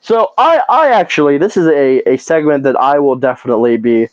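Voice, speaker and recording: A podcast co-host rants in a profane, animated way, his voice sitting a bit high for a man. The sound is dry and slightly dull, like lo-fi podcast audio. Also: a little fast, no room sound. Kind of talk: casual podcast chat.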